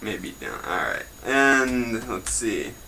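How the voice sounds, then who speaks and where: Bright-voiced young man joking through news. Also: mid-range voice, big pitch swings, slow pace, slight background noise, rough recording. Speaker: host of a homemade news show. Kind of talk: casual mock newscast.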